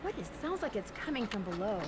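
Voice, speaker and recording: A woman's voice: medium pitch, sing-song, quick pace, heavy background noise, lightly acted. A woman voicing a curious young detective with an inquisitive, matter-of-fact delivery. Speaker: game protagonist. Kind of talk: game character dialogue.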